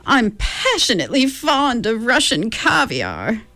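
Woman putting on an old tramp woman, creaky voice, high and lilting, slow, fond, storybook reading. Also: huge pitch swings, sharp tone, no room sound, exaggerated voice. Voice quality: creaky like an unoiled gate. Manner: fond, chattering, slow and drawn out.

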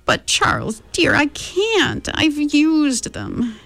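A woman voicing an eccentric, cheerful old woman tramp with a creaky voice like an unoiled gate, drawn out and fond. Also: sits high, huge pitch swings, fairly bright tone, dry recording, faint music behind, voice pushed up, heavily acted. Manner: fond, chattering, slow and drawn out.

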